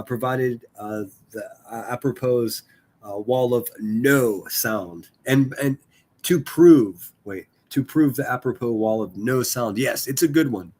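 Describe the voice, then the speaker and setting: A man's voice: mid-range voice, slow, darkish tone. A man chatting casually on a live stream, rambling and swearing, full of fillers and restarts. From Pittsburgh area.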